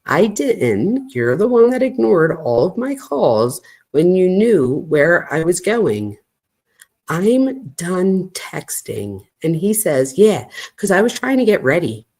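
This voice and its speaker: Woman true crime host, lowish voice, very animated pitch; reads messages aloud with reactive commentary. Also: slow, breathy edge. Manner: animated, reacts with gasps and asides.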